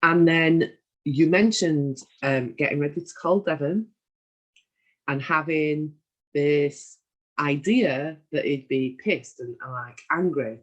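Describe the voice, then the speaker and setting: A woman hosting an interview, asking questions in a measured, deliberate way. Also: low-pitched, highs cut off. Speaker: interviewer, host.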